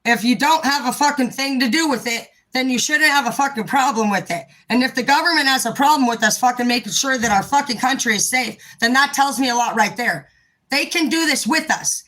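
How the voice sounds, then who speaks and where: A woman's voice: high voice, fairly quick, fairly bright tone, rough recording. A woman giving a heated, profane rant straight to her viewers, blunt and impassioned. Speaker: vlogger. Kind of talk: impassioned direct-to-camera rant.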